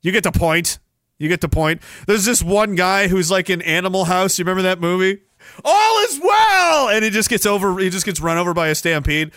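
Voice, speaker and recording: A man's voice: high-pitched, fairly even intonation, fairly quick, fairly bright tone, clear, resonant tone, no echo, clean studio sound. A young adult man hosting a podcast, ranting sarcastically with profanity and rambling asides. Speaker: podcast host. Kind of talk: casual ranting commentary.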